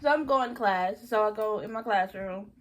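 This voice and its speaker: A young woman casually telling a story-time vlog, animated and laughing often, acting out her friends' lines. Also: medium pitch, normal speed, a little hiss or hum. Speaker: storyteller vlogger.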